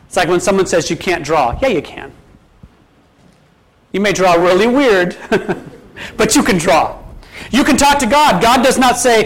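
A male pastor with a notably high-pitched voice preaches an unhurried, relaxed sermon with long pauses, often turning to the congregation with questions. He weaves in scripture, quoting it at an easy speaking pace. The recording is rough.

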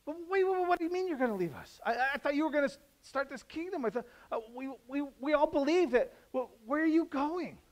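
A flustered male disciple in a panic, tripping over his words as they rush out high and strained, as a preacher acts him out. The voice jumps well above a normal speaking register. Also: wildly swooping pitch, fast talker, hardly any pauses, a little mellow, full character voice. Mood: panicked. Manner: stammering, high-pitched and frantic.

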